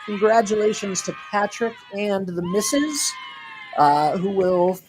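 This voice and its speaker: A man calling a live high school softball game, chatty and jokey, weaving in sponsor reads and getting loud on big plays. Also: expressive, unhurried, background noise. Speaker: play-by-play announcer.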